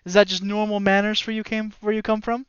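A man's voice: high voice, little pitch movement, quick pace, fairly bright tone, clear, resonant tone, no room sound. A man voicing a dry, wry male guild master made of earth and stone, sizing people up. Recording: slightly dull dry audio.

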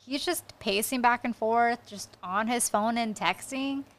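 A woman co-hosting a casual true-crime podcast, blunt and quick to swear. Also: fairly high pitch, fairly bright tone. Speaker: podcast co-host.

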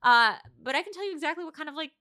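A woman co-hosting a casual chat about movies, talking rapidly and chattily with lots of "like" fillers. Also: high-pitched, expressive, pushed and bright. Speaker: podcast co-host.

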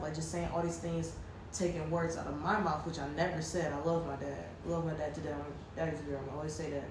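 A woman's voice: low-pitched, quick pace. A young adult woman telling a personal story in casual podcast chat. She rambles and fills her talk with "like". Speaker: podcast co-host. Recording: very echoey room with steady background noise.

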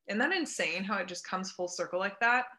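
A woman guest tells her story in a relaxed interview. Her voice is bright and forceful, and her chatty, reflective talk is full of fillers and restarts. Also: mid-range voice, fairly quick. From Kansas City area. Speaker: health coach and personal trainer.

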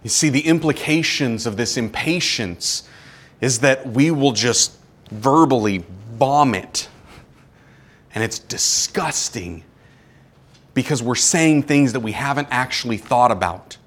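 A man preaching a sermon as pastor, animated, with acted-out quotes and sudden drops to a quiet tone. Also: mid-range voice, a little slow.

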